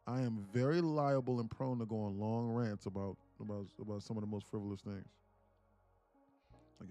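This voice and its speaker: A man's voice: fairly low pitch, fairly even intonation, normal speed, mellow, soft background music. A man, a live-stream day trader, chatting casually and profanely, joking and reading viewers' comments aloud. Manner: joking, profane, slangy, reads chat aloud.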